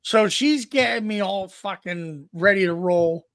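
High, gravelly-voiced man telling a crude story. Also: a little slow, a bit bright, no room sound, studio quality. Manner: profane, boisterous, acts out quotes. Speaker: podcast co-host.

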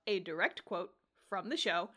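Here a podcast co-host with a fairly low, expressive voice speaks at a moderate pace, sounding bright and forceful. She gives a laid-back recap of an anime episode, often breaking into laughter and cursing as she performs the characters' lines.

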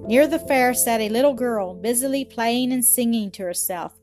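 A woman reading a storybook aloud in a calm, even way. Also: a little high, normal speed. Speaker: narrator. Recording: faint music behind.

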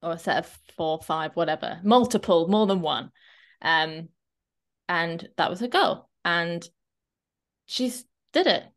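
A woman fitness coach co-hosting a podcast, chatting casually and often checking in with a quick "right?". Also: fairly low pitch. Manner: chatty, animated, often tags a questioning "right?".

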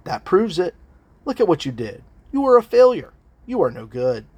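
A man's voice: mid-range voice, big pitch swings, normal speed, a little mellow, breathy edge, dry recording. A man voicing Satan as a contemptuous, accusing male figure in a sermon. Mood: harsh.

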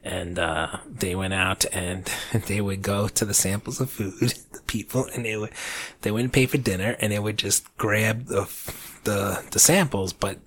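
A man's voice: on the low side, measured pace, fairly bright tone, a little hiss or hum. A man co-hosting a casual chat, rambling, laughing often and trailing off mid-sentence. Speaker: podcast co-host.

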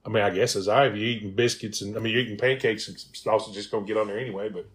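A man's voice: lowish voice, fairly even intonation, very fast. A man, a comedian chatting casually with his friends. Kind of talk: casual chat.

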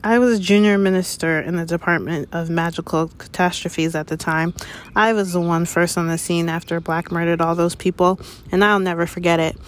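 Reading an audiobook, a woman voices a pompous, anxious middle-aged male government minister who is grave and official and speaks bitterly and sharply. Her voice sits on the low side, close to everyday speech, with a steady tone and a fairly quick pace.

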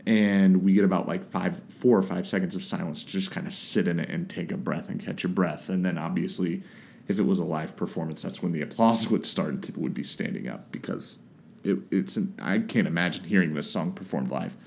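A man's voice: low-pitched, brisk, gravelly, a little mellow, slight background noise. A man casually talking through a song he loves, hesitant and searching for words with lots of fillers. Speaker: music reviewer. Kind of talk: casual spoken song review.

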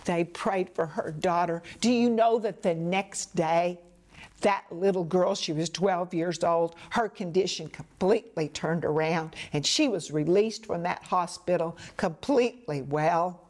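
A woman teaching a devotional message in an earnest manner, speaking straight to the listener as a friend and sinking to hushed whispers for emphasis. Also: fairly low pitch, unhurried. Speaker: Bible teacher.

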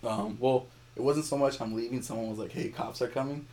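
A young man, a podcast guest, telling a story in casual chat, animated and laughing as he acts out the people in it. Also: mid-range voice, a little fast.

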